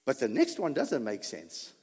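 A man preaching a sermon, animated, asking his audience questions and repeating points for emphasis. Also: medium pitch, moderate pace, slightly rough, in a large hall.

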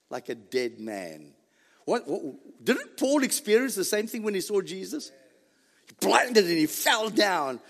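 A man preaching a sermon, emphatic and repetitive, building to near shouts. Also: high-pitched, big pitch swings, unhurried, vocal fry. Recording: long hall reverb.

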